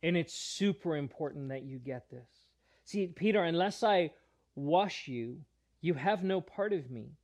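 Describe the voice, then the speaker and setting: A preacher voicing Jesus as a gentle but insistent teacher, speaking with calm earnestness in a slightly high voice. The lines are retold within a sermon. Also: male voice, measured pace. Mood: earnest.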